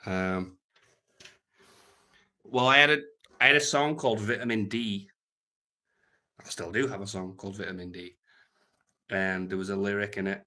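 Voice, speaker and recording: A man's voice: on the low side, measured pace, long pauses. A British man rambling crudely and jokily through an unscripted livestream, reading out viewer comments. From Britain. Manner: rambling, crude, jokey, trails off quietly.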